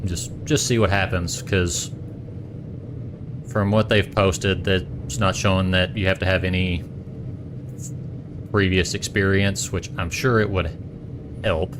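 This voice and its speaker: A man's voice: sits low, steady tone, slow pace, long pauses, noisy background. A man with a Boston accent chatting casually on a stream, rambling and correcting himself as he goes. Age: adult parent.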